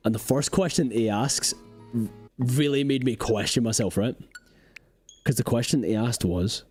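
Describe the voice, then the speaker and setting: A man's voice: medium pitch, normal speed, pauses often, a little mellow, breathy edge, faint music behind. A young adult man giving live gameplay commentary, rambling and joking as he talks to his chat. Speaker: game streamer.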